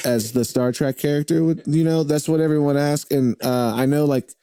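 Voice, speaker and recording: A man's voice: fairly high pitch, fairly even intonation, normal speed, mellow, smooth, dry recording, clean studio sound. A man in casual interview chat, talking in a rambling way with many fillers and restarts, recorded at the host's home. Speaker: podcast guest, drummer and radio host.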